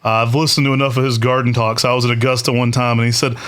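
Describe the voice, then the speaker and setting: A man's voice: mid-range voice, level tone, very fast, fairly bright tone. A man co-hosting a podcast, chatting casually and with enthusiasm, with plenty of "uh" fillers. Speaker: podcast co-host.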